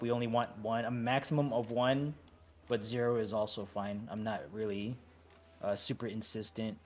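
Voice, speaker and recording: A man leading a game raid over voice chat, talking in a relaxed, halting way with many fillers and restarts. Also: fairly low pitch, a little hiss or hum. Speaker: raid leader.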